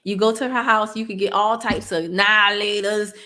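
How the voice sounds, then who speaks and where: A woman's voice: medium pitch, steady tone, brisk, pushed and bright. A woman, hosting a live stream, chatting casually with her viewers and laughing often.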